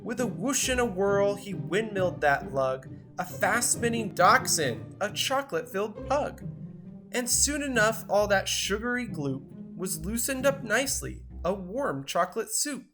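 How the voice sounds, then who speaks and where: A woman reads a rhyming children's story in an unhurried, expressive manner. Her voice sits at an ordinary middle pitch. Music plays clearly beneath her narration. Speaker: storybook reader. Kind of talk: rhyming picture-book read-aloud.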